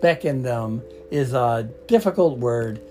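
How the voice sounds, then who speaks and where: A man reads a storybook aloud at a slow, patient pace. He stops to explain difficult words, and soft guitar music plays faintly behind him. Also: medium pitch, lively intonation. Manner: patient, explaining, light laughs. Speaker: storyteller and English teacher. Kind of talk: read-aloud with word explanations.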